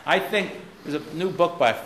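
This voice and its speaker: A man's voice: fairly high pitch, brisk, a bit bright. An American man with a faded Boston accent giving a keynote lecture, a wry, digressive storyteller with blunt asides. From United States. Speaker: keynote speaker. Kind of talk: anecdotal lecture. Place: lecture hall. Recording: roomy hall with faint noise.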